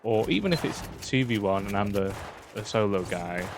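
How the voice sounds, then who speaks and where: A man's voice: on the low side, animated, moderate pace, noisy background. A man giving casual, chatty tips while talking over his own gameplay footage, full of fillers.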